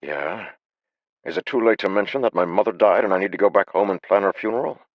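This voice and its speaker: A man voicing a panicky, excitable young male adventurer who shouts and complains. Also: a little slow, dry recording, muffled recording, heavily acted. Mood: grumbling. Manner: shrill, shouting, agitated.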